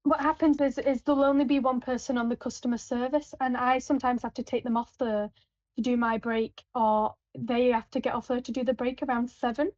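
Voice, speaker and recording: A woman's voice: on the high side, flat delivery, brisk, a little mellow, no room sound. A woman working on supermarket tills, chatting casually with a rambling manner full of fillers and restarts. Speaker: supermarket till worker. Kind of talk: casual anecdotal chat. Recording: dull, lo-fi, dry.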